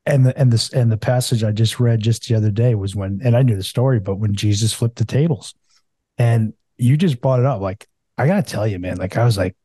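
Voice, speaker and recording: Candid man swearing freely, mellow dry voice. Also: lowish voice, brisk, husky, dry recording. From United States. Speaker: podcast guest. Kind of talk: casual podcast conversation.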